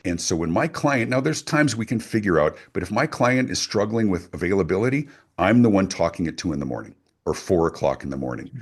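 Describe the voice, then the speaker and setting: A man's voice: low voice, very animated, brisk, hardly any pauses, slightly rough. A middle-aged man, a guest speaker and author, talking emphatically in an interview. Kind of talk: animated interview talk.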